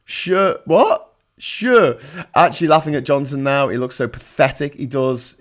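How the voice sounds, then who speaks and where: A man hosting a political livestream, reading chat messages and ranting sarcastically, swinging between loud outbursts and low muttering. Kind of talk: ranting live-stream commentary reading chat.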